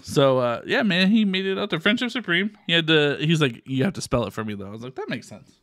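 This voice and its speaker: A man's voice: fairly high pitch, expressive, fast talker, fairly bright tone, no room sound, studio quality. A man from Texas co-hosting a podcast, telling a story in casual chat, swearing freely and acting out quoted voices. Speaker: podcast co-host.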